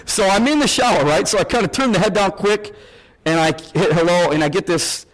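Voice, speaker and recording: A man shares a testimony in a sermon, his voice sitting a bit high. He talks conversationally, checking in with "right?" and restarting his sentences as he goes. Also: a little fast. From American Midwest. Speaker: ministry leader.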